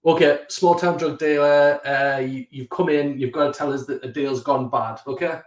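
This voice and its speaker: A man's voice: on the high side, fairly even intonation, normal speed, echoey room. A male host joking and teasing his guest in a casual chat over a video call. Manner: teasing, jokey.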